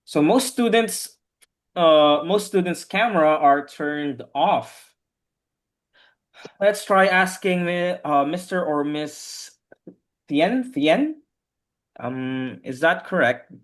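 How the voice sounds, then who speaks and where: Slow, patient male English teacher. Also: a little high, fairly bright tone. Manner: patient, corrects pronunciation word by word. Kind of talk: online class coaching. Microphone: video call.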